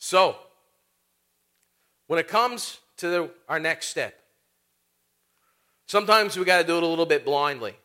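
Bright-voiced preacher, man. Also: on the high side, animated, unhurried, pauses often. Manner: conversational, with rhetorical questions and fillers. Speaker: pastor. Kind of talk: sermon.

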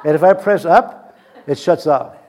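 A man preaching a sermon, telling a long story from his own ministry. His voice sits a little high for a man. He keeps it lively and jokes with the room, chuckling between lines. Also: measured pace, background noise. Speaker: pastor.

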